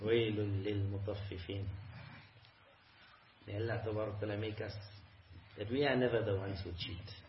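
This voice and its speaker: A man preaching a sermon in English, telling stories and reciting Arabic verses in an animated way, acting out what people say. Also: on the low side, racing, pauses often, background noise. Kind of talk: sermon with anecdotes. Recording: echoey lo-fi lecture recording.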